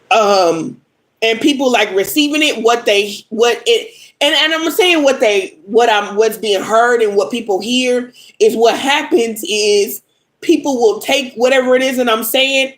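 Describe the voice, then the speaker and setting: A slightly high female voice comes through on a low-quality recording. The speaker, a young adult tarot reader on a casual livestream, is upset and angry and lashes out bluntly at commenters, swearing often.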